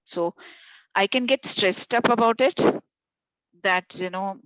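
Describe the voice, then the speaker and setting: A woman's voice: mid-range voice, slow, fairly bright tone, no echo. A woman facilitator giving a workshop talk to volunteers over a video call, chatty and full of retold stories. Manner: conversational, with fillers and retold stories. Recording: dull dry video call audio.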